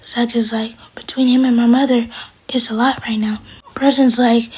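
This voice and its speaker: Female recap vlogger, airy and breathy, a bit high, talks through each scene casually. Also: level tone, moderate pace, a little mellow. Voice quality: breathy, half-whispered delivery. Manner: retells scenes through paraphrased quotes.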